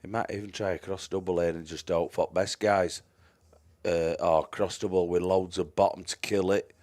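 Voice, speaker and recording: A man's voice: low voice, fairly even intonation, moderate pace, a little mellow. A man giving chatty live-stream commentary on a pool match, greeting viewers by name and trailing off into mumbled asides.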